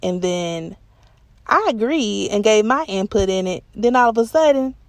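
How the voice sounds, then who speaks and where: A woman's voice: medium pitch, expressive, normal speed, no echo. A woman hosting a podcast, chatting casually to her listeners and acting out her own replies. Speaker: podcast host.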